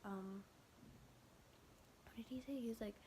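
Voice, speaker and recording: With a warm, fairly high voice at a measured pace, a young woman vlogger casually retells a scary night. She quotes texts back and forth with endless "I was like" and "he's like," rambling with plenty of fillers and restarts. There's slight background noise.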